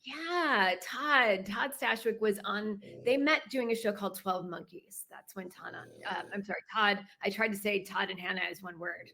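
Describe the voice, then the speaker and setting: A woman from Chicago, a guest on a video-call interview, telling a personal story and pausing to gather her thoughts. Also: medium pitch, bright, forceful tone. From Chicago, United States.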